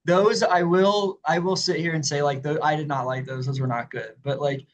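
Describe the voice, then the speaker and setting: A young man co-hosts a casual music review podcast in a fairly high, steady voice at a moderate pace. He's laid-back and chatty, laughing often and saying "like" a lot, on a low-quality recording.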